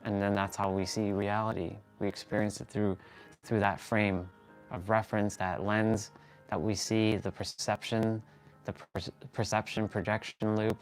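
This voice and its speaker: Male livestream host, lower register, earnest and meandering, thinks aloud while stretching on the floor. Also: little pitch movement, moderate pace, faint music behind. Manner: earnest, rambling, restarts and corrects himself. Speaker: fitness and motivation livestream host. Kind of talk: motivational talk while stretching.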